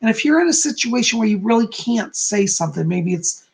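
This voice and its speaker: A man's voice: sits high, expressive, fairly quick, creaky. A man hosting a live-stream psychic reading, answering viewers in a chatty, reassuring way and often ending points with "okay?". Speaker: psychic host.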